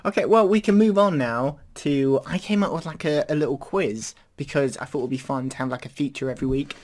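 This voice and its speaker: A man's voice: fairly high pitch, fairly quick, darkish tone. A man hosting a podcast in casual chat, rambling and hesitant with lots of fillers. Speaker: podcast host.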